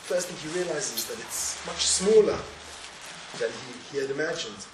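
A man's voice: mid-range voice, animated, moderate pace. A man teaching a religious lesson, telling a parable and acting out its dialogue, with Hebrew terms mixed in. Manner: storytelling, acts out dialogue, with Hebrew and Yiddish terms. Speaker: Torah teacher. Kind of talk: sermon with a told parable. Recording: echoey room from far off, audible noise.

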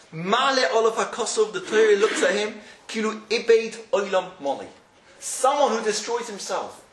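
A man giving a Talmud lecture, asking rhetorical questions and mixing in Hebrew and Yiddish terms, often restarting his words. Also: sits high. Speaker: Torah teacher. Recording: roomy, distant mic, faint noise.

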